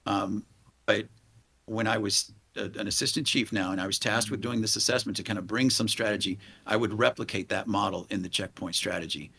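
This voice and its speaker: A man in his forties speaks as a guest in a podcast interview. His voice sits on the low side. He talks in an earnest, halting way and often restarts his sentences. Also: steady tone, creaky, bright, forceful tone, breathy edge. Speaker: police leader and guest.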